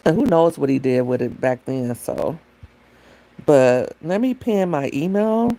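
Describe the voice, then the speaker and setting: Woman livestream host, mellow tone, chatty and rambling, talking to her chat through a phone. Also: deep voice. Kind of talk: casual livestream chat with viewers.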